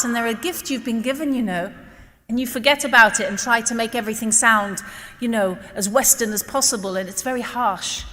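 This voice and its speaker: Bright-voiced woman in a hall. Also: fairly high pitch. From Britain. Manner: animated, acts out dialogue. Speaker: guest speaker. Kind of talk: storytelling talk to an audience. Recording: long reverb of a large hall.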